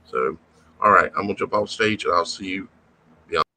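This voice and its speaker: A man hosting a podcast, briskly explaining to viewers where the show is moving. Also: low-pitched, bright, forceful tone, low-quality recording. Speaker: podcast host. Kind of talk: casual show logistics.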